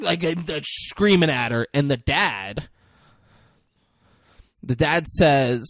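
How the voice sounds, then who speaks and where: In a clean, dry studio recording, a man co-hosting a podcast casually walks through a movie scene by scene, cursing without restraint. He's animated yet slow with long pauses, performing characters' dialogue with dramatic shifts in pitch and loudness.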